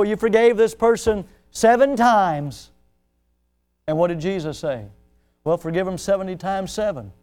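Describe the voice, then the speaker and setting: A male pastor preaching a sermon, swelling in pitch and volume as he acts out the people he quotes. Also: darkish tone.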